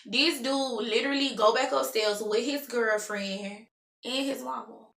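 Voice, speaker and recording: Woman, 30s, personal storytime, emphatic, bright voice, roomy echo. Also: a little high, steady tone, measured pace, creaky. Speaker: vlogger.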